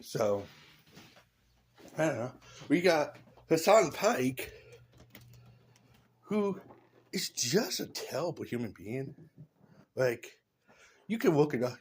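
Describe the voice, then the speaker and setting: Man, casual vlog rant, rambling, blunt, lively swooping pitch, unhurried. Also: husky. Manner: rambling, blunt, with loose asides. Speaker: vlogger.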